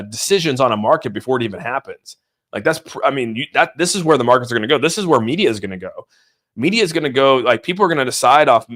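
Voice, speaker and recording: A man hosting a casual crypto livestream, rambling excitedly about the markets, often saying "dude" and greeting viewers from the chat. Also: medium pitch. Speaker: crypto channel host.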